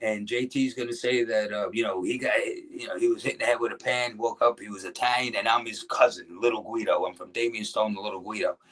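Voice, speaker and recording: A man's voice: lowish voice, steady tone, a little fast, hardly any pauses, fairly bright tone. Rambling New man telling stories. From New Jersey. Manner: rambling, restarts, acts out quotes of others. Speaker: guest, former pro wrestler. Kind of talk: casual interview storytelling.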